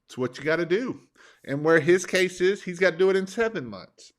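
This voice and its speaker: Speaking fast and animatedly in a high-sitting voice, this man is a business coach from Northern Kentucky, USA, hosting a motivational live stream. He's folksy, rambling, and plain-spoken, though his throat is sore.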